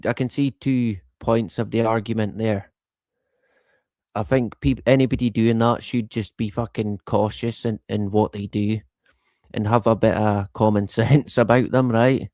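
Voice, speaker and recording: A middle-aged man chats slowly and loosely on his live stream, drifting between thoughts. He swears freely and chuckles as he goes. His voice sits dry and close, with no room sound. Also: lowish voice, a little mellow, no room sound. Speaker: livestream host. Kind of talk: casual live-stream chat.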